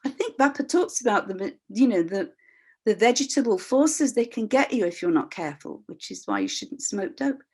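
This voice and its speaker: An older woman tells a personal story over a video call, speaking with an expressive, candid and reflective manner. She acts out the voices of people in her anecdotes, and she often pauses to restart her sentences as she thinks aloud. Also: a little high, slightly rough. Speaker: voice practitioner and workshop leader.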